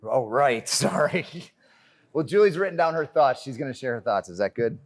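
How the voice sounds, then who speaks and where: A man's voice: mid-range voice, normal speed. A man giving a motivational keynote on stage, telling a story with jokes and calling the audience "friends". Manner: animated, joking, calls the audience "friends". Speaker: keynote speaker. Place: conference stage before a live audience.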